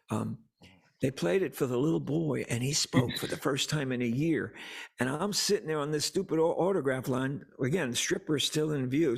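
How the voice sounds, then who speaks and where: An older man with a gravelly, husky voice at a middling pitch, talking as a guest songwriter. He tells stories earnestly and stumbles over repeated words when he is moved. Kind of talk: casual conversation about faith.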